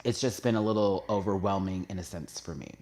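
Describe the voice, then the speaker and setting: Host, male, low voice, candid confessional talk that swells with emotion. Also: fairly quick. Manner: emotional, confessional, hesitant with restarts; gets louder and higher when stirred. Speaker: YouTube show host. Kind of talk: candid personal talk to viewers.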